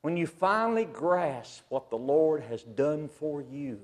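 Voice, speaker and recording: A man preaching a sermon to a church assembly, swinging from loud emphasis to a hushed near-whisper. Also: fairly high pitch, animated, slow, few pauses.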